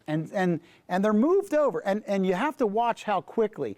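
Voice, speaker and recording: A male pastor teaching a Bible class tells a story with lots of animation, his fairly high voice swinging up and down. He often repeats words as he goes. The sound is dry and close. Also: big pitch swings, moderate pace, few pauses, a little mellow, dry recording.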